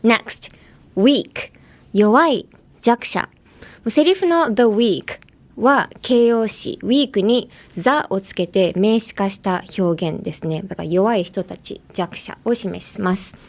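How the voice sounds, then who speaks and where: A woman talking casually in a bilingual English lesson on a podcast, chatty and quick to laugh, slipping between English and Japanese. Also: medium pitch.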